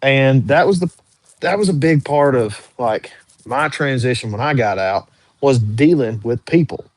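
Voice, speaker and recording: A man's voice: medium pitch, expressive, measured pace, dry recording. Laid-back man answering his livestream chat. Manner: reads viewer questions aloud and answers offhand.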